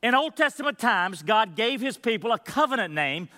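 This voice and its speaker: A male pastor preaching a sermon in a high, bright, forceful voice. He is earnest and emphatic, shifting into patient teaching asides. The sound carries a long church-hall reverb. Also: big pitch swings, normal speed. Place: church sanctuary.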